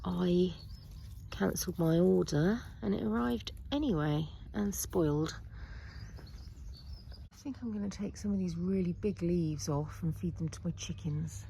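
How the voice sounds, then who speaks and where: Woman, home vlogger, unhurried soft delivery with whispered asides, faint outdoor hum behind. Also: lowish voice, creaky. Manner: soft-spoken, often half-whispered asides. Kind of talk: casual gardening vlog narration. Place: garden outdoors.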